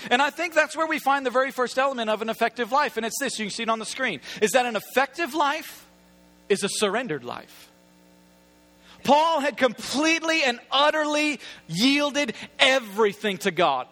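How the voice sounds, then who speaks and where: A man delivers a sermon in a strikingly high, sharp-edged voice. He talks casually and with humor, as if chatting with the congregation. Key points come back as emphatic, repeated phrases. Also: normal speed. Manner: casual, humorous, conversational preaching. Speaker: preacher.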